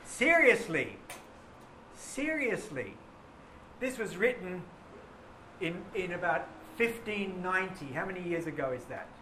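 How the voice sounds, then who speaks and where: Bright-voiced male teacher in an echoey classroom. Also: high-pitched. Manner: lively, questioning, reads verse slowly. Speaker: English teacher. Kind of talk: classroom lesson on poetry. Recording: echoey classroom with faint noise.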